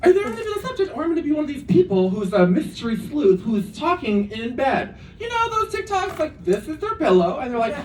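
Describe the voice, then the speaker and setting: Very high and fairly quick, with huge swings in pitch, this man's voice carries a campy, self-deprecating club comedy routine full of chatty asides. It's recorded from a distance in an echoey room, with the crowd audible and laughing.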